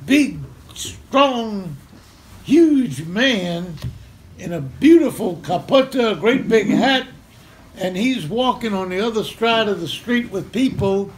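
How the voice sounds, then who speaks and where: Speaking slowly in a high-pitched voice, an older Memphis man shares a personal story before an audience at a community center. He chuckles and animatedly acts out each scene, and a little hiss or hum sits under the recording.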